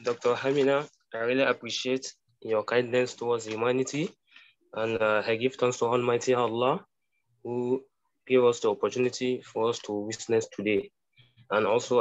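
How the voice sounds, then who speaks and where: A man from Nigeria giving a formal acceptance speech over a video call, measured, with frequent uh pauses. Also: mid-range voice, fairly even intonation, muffled recording. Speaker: guest ambassador.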